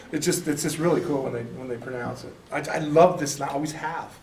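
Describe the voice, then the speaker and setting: A man's voice: medium pitch, a little fast, darkish tone, slight background noise. Chatty man teaching in an echoey room. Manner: chatty, self-deprecating, laughs often. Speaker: Bible study teacher. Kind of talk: casual classroom teaching. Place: church classroom. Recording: echoey room, mic at a distance.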